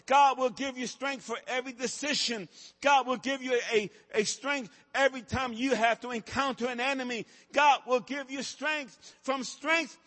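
A man preaching a sermon as pastor, building from soft, quiet passages to shouted, repetitive refrains. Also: very high voice. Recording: long hall reverb.

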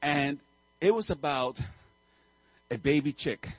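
A male pastor preaching a sermon, telling a story with animated swings and sudden loud outbursts. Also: on the high side, slow pace, no echo, poor audio.

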